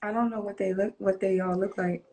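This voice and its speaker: A woman's voice: medium pitch, steady tone, a little fast, mellow, slight background noise. A woman guest on a casual live-stream chat who giggles, hesitates and stumbles over her answers.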